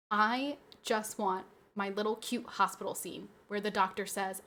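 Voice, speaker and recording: A young adult woman streaming and chatting with her viewers, ranting in an animated way and swearing freely. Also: mid-range voice, a little fast, few pauses. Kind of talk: casual livestream chat.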